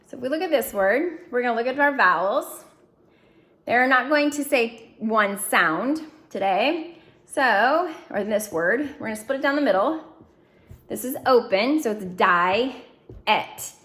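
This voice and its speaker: A woman leads a phonics lesson, breaking words into syllables and coaxing students to say them fast. Her voice sits a little high, and she speaks in slow, clear, encouraging prompts. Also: lively intonation, fairly bright tone. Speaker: reading teacher.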